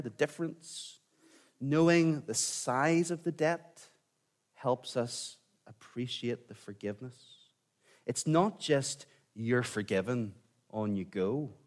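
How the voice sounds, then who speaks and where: A man preaching a sermon in a conversational way, sometimes dropping to a quiet, intense tone. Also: medium pitch. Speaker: pastor.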